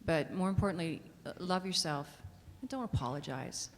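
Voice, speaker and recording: A woman's voice: fairly low pitch, animated, moderate pace, slight background noise. A woman on a convention panel giving earnest, encouraging advice, recorded in a reverberant hall. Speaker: voice actress on a panel. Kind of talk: panel answer.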